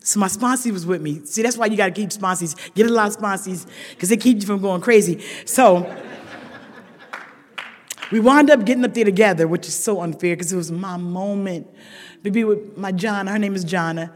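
Animated middle-aged woman in a reverberant hall. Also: mid-range voice, moderate pace. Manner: animated, dramatic, swinging from loud outbursts to hushed asides; chatty, addresses listeners directly. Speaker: speaker sharing at a recovery meeting. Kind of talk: storytelling share to a live audience. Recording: long reverb of a large hall.

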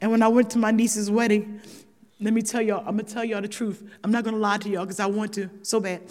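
An animated middle-aged woman with a fairly low voice shares her story to a live audience at a recovery meeting, with a large hall's long reverb around her. She's chatty and dramatic, speaks directly to listeners, and swings from loud outbursts to hushed asides.

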